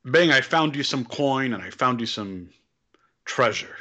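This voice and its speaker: A man's voice: mid-range voice, expressive, measured pace, pushed and bright. A man playing a tabletop game, speaking earnestly and heroically in character. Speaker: player. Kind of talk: tabletop role-play.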